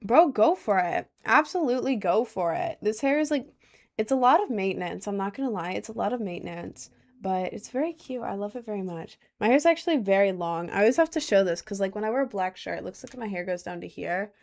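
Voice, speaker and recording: A woman's voice: medium pitch, lively intonation, brisk, creaky. A young woman casually chatting on a livestream at home, answering chat in slangy, rambling talk. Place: indoors at home, seated in a chair.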